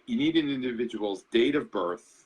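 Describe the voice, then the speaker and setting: A man's voice: medium pitch, expressive, normal speed, a little mellow, breathy edge, rough recording. A man guesting on a talk show as an astrologer, speaking in an earnest, reflective way. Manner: earnest, reflective, repeats words. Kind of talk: interview talk.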